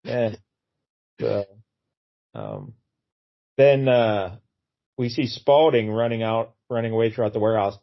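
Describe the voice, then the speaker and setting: A man's voice: fairly low pitch, a little slow, creaky, long pauses, muffled recording. A man casually retelling a comic book story as a podcast co-host, acting out the characters' lines in funny voices. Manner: animated, acts out quotes in funny voices.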